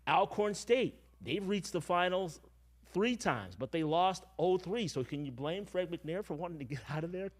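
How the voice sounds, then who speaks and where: A man's voice: high-pitched, animated. A man on a sports commentary stream, talking casually and laying out team records and background. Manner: measured, explains with stats and history. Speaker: football commentator.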